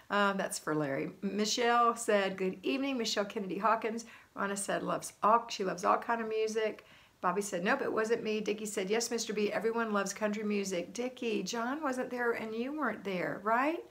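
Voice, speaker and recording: A woman's voice: medium pitch, moderate pace, fairly bright tone. Middle-aged lady hosting a live stream, cheerful, reading off comments and saying hi to everyone. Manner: chatty, upbeat, greets viewers by name. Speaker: homemaking channel host. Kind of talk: casual livestream chat reading viewer comments.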